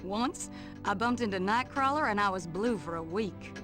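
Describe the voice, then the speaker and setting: A woman's voice: medium pitch, animated, moderate pace, lightly acted. A woman voicing a sassy Southern woman mutant in a video game, with a Southern US accent, drawling and teasing, calling people sugar and honey. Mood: playful. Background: game music.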